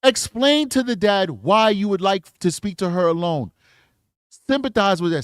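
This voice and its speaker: A man's voice: high voice, expressive, moderate pace, clean tone, no room sound, studio quality. A man commenting on true crime clips, coaching and indignant in an emphatic way. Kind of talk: casual commentary.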